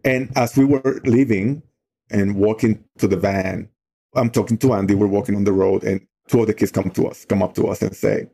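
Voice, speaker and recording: A man's voice: on the low side, steady tone, normal speed, vocal fry, dark tone, breathy edge. A middle-aged man leading a youth outdoor program, telling a story in a loose, conversational way with lots of "you know" fillers.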